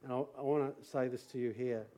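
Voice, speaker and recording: A middle-aged Australian man preaching to a church congregation, moving from quiet personal testimony to loud rallying calls. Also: medium pitch, fairly even intonation, quick pace. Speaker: pastor. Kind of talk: sermon testimony. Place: church service.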